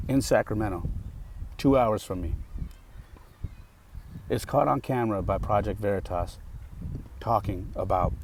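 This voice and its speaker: A man's voice: fairly low pitch, creaky, a little mellow, slight background noise. An American man hosting a podcast, talking passionately and outspokenly in a solo monologue. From United States. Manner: impassioned and outspoken. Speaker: podcast host.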